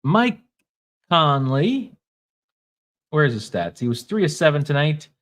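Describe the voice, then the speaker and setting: A man's voice: a little high, expressive, fast talker. A man with a Minnesota accent hosting a casual livestream, talking in a wry, offhand way and reading comments from the chat aloud. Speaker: podcast host.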